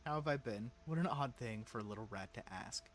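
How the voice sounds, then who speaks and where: A man's voice: mid-range voice, animated, fairly quick, a little hiss or hum, natural voice. A man voicing a cruel, unhinged young woman who taunts and sneers in a text-based mystery game. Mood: taunting.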